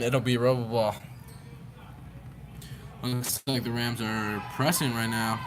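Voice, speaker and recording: A young man doing easygoing, slightly unpolished play-by-play commentary for a school basketball game. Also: medium pitch. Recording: noisy gym ambience behind.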